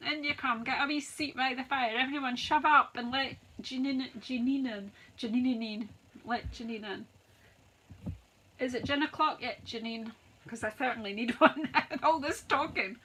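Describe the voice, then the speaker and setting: A woman's voice: sits high, moderate pace, sharp tone, breathy edge, low-quality recording. A woman hosting a live craft stream, chatting to viewers as she rattles off sale prices like an auctioneer. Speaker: craft demonstrator, host. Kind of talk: live-stream product walkthrough.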